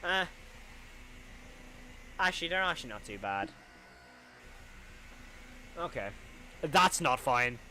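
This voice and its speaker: A man's voice: medium pitch, very animated, slow pace, pauses often, pushed and bright, slight background noise. A young man streaming a horror reaction, chatting casually and reacting aloud with repeated exclamations. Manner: chatty, answers viewer questions. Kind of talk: live reaction commentary.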